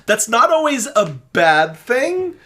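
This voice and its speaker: A young man, a voice actor co-hosting a podcast, telling stories in a quick, animated way that breaks into laughs. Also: very high voice. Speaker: voice actor co-host. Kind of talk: casual podcast chat.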